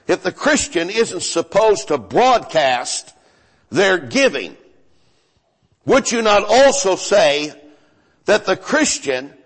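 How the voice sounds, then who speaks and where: A pastor preaching a sermon in a folksy, joking way, often stumbling and repeating himself. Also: male voice, high voice, slightly rough, big-room sound, low-quality recording.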